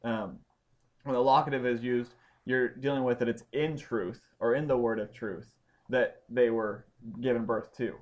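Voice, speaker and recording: A man teaching a Bible study class, explaining points step by step and pausing to check that his students follow. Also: medium pitch, steady tone, muffled recording. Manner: explanatory, checks understanding with questions.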